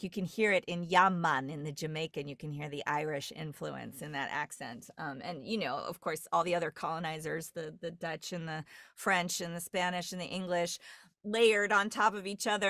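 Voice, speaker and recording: A woman's voice: fairly low pitch, fairly bright tone, no echo, clean studio sound. A woman from New York, a dialect coach, telling stories in a rambling casual chat full of fillers and restarts. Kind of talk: casual podcast conversation.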